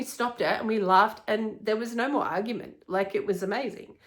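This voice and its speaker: A woman's voice: mid-range voice, moderate pace, hardly any pauses. Chatty middle-aged woman coach. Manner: chatty and upbeat, often laughing, many filler "like"s. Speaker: life coach. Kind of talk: casual talk to camera.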